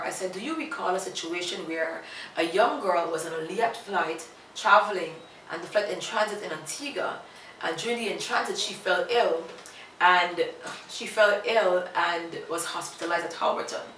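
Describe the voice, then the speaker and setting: A woman's voice: mid-range voice, pushed and bright. A young woman earnestly recounting a personal story, repeating phrases and acting out both sides of a conversation. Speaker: vlogger telling a personal story. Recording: echoey room, voice a bit far from the mic, faint noise.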